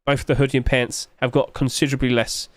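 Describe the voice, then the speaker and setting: A man's voice: mid-range voice, little pitch movement, brisk, dry recording. A man, musing aloud in casual livestream commentary and asking himself rhetorical questions. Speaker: streamer.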